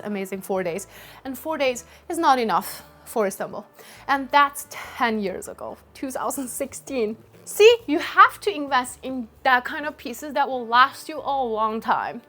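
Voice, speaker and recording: A woman's voice: a little high, a bit bright. A woman vlogger chatting casually and talking straight to viewers as she tours her closet at home. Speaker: fashion vlogger. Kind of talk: casual chat on a closet tour.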